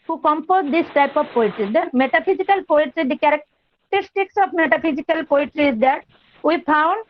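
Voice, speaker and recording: A high-pitched woman delivers an online lecture in a measured, explanatory way, circling back over key terms. The audio is dull and lo-fi, like a video call, with a faint hiss underneath.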